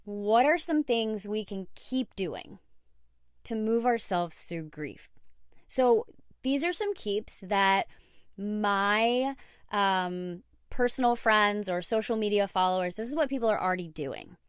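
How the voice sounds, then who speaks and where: A woman's voice: mid-range voice, animated, slow pace, clear, resonant tone, no echo. A woman hosting her own podcast, talking candidly and casually, with frequent fillers and the odd laugh. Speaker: podcast host. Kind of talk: casual solo podcast talk.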